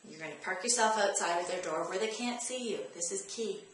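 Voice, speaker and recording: A woman's voice: mid-range voice, fairly quick, a little hiss or hum. A woman hosting a parenting tips vlog, talking straight to the viewer in a direct, coaching way and repeating her key points. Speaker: parenting advice host. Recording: very echoey room, faint ambience.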